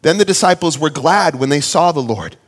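Animated male pastor in a reverberant hall. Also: fairly high pitch, a little fast. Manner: earnest storytelling, animated when quoting his child. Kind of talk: sermon.

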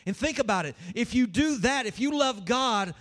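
High-pitched guy preaching, reads the bible passage then hammers his points home, church sermon. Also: animated, moderate pace, a bit bright. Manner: emphatic preaching, reads scripture aloud to the congregation. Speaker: pastor.

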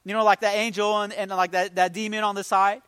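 A man's voice: sits high, flat delivery, brisk, fairly bright tone, clear, resonant tone, no echo. A man preaching an emotional, conversational sermon, rising with emphasis. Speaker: pastor.

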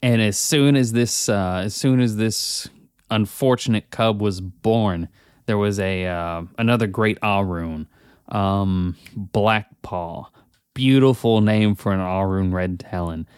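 A man's voice: on the low side, takes it slowly, clean tone, no echo, studio quality. A man co-hosting a podcast in casual chat, explaining points with emphasis. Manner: emphatic explaining, addresses co-host by name. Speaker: podcast co-host.

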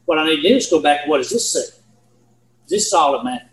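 A man's voice: fairly high pitch, lively intonation, fairly quick, roomy sound, low-quality recording. A man teaching a Bible lesson in a folksy, earnest way, repeating himself and asking his listeners questions. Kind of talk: sermon.

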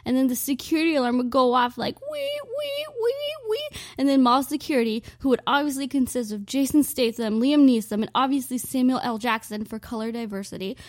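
A woman's voice: a little high, steady tone, fast, hardly any pauses, no echo, clean studio sound. A young woman telling a self-mocking comic story, rambling and dramatic, with lots of "like". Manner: dramatic, exaggerated delivery.

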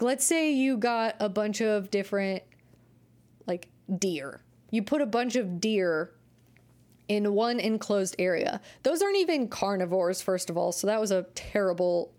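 A woman's voice: mid-range voice, a little mellow. Chatty woman giving casual podcast advice. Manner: chatty, rambling, self-correcting, laughs at herself. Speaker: podcast host, dog trainer.

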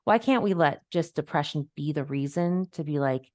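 Low-voiced animated woman host. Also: normal speed, no echo, clean studio sound. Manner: animated, acts out quoted voices; laughs easily. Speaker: podcast host and life coach. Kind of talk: casual conversational chat.

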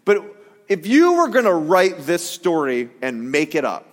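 High-voiced man preaching in a reverberant hall. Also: a little slow. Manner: conversational, animated, jokey asides. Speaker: pastor. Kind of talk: sermon.

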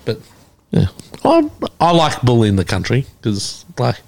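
A man's voice: mid-range voice, unhurried. A man with an Australian accent chatting casually as podcast host, swearing often as he tells stories. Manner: swears a lot, animated storytelling. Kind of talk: casual chat.

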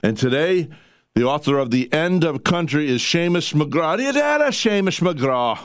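A man's voice: a little high, sing-song, moderate pace, smooth, no echo, studio quality. A man, hosting a casual radio talk show in a chatty, folksy, rambling way. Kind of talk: casual radio interview chat.

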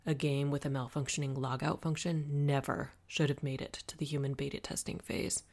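Storybook gentleman, calm and measured, low and gravelly, as read by a woman. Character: young gentleman, calm and serious.

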